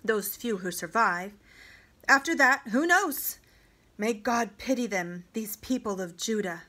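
A woman's voice: on the high side, expressive, a little slow, pushed and bright, exaggerated voice. A woman reading aloud as a grave man who speaks solemnly and sorrowfully. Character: grave older man, pitying the captives.

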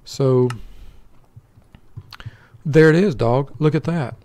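An older man giving easygoing, slow gameplay commentary meant to help people fall asleep, muttering to himself and bantering with an imagined buddy. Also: a little high, darkish tone, no room sound. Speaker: let's play host.

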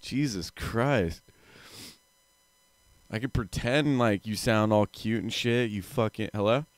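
Crude guy hosting a call-in stream, rambling and insulting, deep-ish voice, no room sound. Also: slow, no room sound. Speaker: livestream host taking callers. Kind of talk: crude profane call-in chat. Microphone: headphones on.

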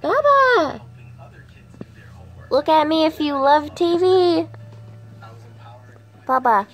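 A woman's voice: sits high, sing-song, drawn-out words, faint music behind. A mother in a home vlog, playfully teasing and coaxing her toddler in singsong baby talk. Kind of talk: home vlog, talking to a child.

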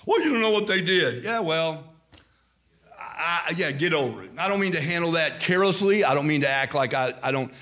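A slightly high-voiced older man from Indiana, pastor of his congregation, preaches at a somewhat fast clip. His American accent carries a slight Southern sound, and his emphatic, animated style features quoted asides.

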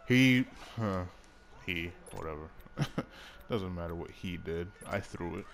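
A man's voice: low-pitched, takes it slowly, vocal fry, slight background noise. A young man giving casual, profane running commentary while playing a football video game, breaking into frequent outbursts at the action. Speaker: gaming YouTuber. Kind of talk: casual live commentary over gameplay.

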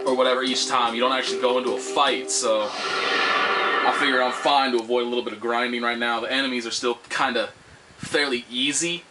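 A man's voice: medium pitch, fairly even intonation, fairly quick, poor audio. A man giving casual, rambling, sarcastic commentary while playing a video game. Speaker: gameplay commentator. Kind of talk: let's play commentary. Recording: loud game music behind. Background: video game music.

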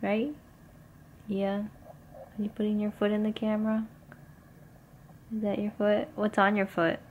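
A woman's voice: medium pitch, monotone, measured pace, phone-quality sound, slight background noise. A young woman, a mother vlogging casually to a handheld camera at home, rambling with lots of "like" and "um". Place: family home at night.

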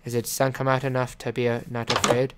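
A man's voice: mid-range voice, little pitch movement, brisk, background noise. A man giving casual commentary on his survival game, rambling with fillers and melodramatic mock apologies. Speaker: gameplay commentator. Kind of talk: casual let's-play commentary. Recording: game music playing behind. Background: game background music.

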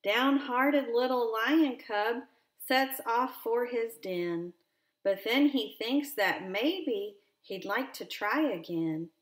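A woman reads a counting picture book aloud, very slowly and with expression, stopping to ask a child gentle questions. Her voice sits a little high. A roomy echo hangs around it.

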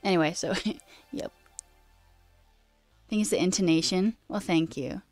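A woman streaming as a coding host, chatting casually and rambling with self-deprecating asides while her pitch jumps up mid-sentence. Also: unhurried, a little mellow, no room sound, faint music behind. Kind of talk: casual live-stream chat.

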